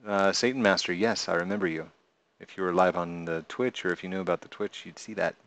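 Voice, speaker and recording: A man who streams live and creates games chats casually, reading viewers' messages aloud and answering them playfully, often with a laugh. His low voice is steady and fairly bright, and he talks fairly quickly.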